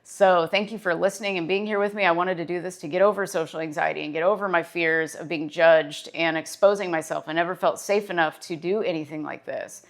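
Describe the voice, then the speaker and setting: A woman's voice: on the low side, steady tone, a little fast, hardly any pauses. A woman therapist giving casual motivational talk to camera, earnest and encouraging, repeating phrases for emphasis. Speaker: therapist and self-help vlogger.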